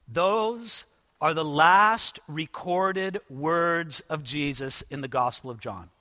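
High, bright-voiced pastor preaching in a reverberant hall. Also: male voice. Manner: emphatic, swings from loud urging to hushed intimacy. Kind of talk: sermon. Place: church sanctuary. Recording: long reverb of a large hall.

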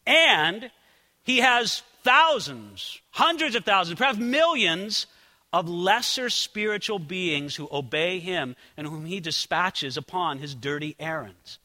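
Male pastor, high and very lively voice, piercingly bright tone, long hall reverb, conversational preaching style. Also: normal speed. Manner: animated, conversational preaching with asides to listeners. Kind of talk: sermon.

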